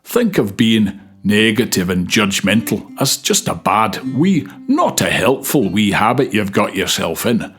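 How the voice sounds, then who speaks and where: A man reading advice slowly in a theatrical put-on Scottish accent. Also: on the low side, big pitch swings, a bit bright, soft background music. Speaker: co-presenter. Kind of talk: reading advice in a comic audition voice.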